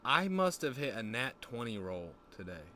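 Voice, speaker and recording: A young man casually chatting on a stream, telling a story in a rambling, profane way and breaking into lively voices when he quotes people. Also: mid-range voice, moderate pace, slight background noise. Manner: rambling, profane, animated quoting.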